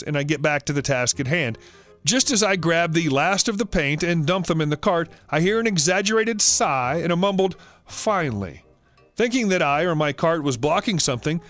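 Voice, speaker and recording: Man, story narrator, scripted reading, high pitch, very lively intonation. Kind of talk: scripted narration of online stories.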